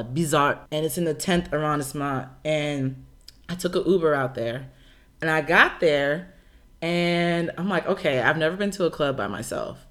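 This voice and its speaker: A woman casually telling a story, animated and laughing often as she acts out what people said. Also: low voice. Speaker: storyteller recounting a solo trip. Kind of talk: casual chat.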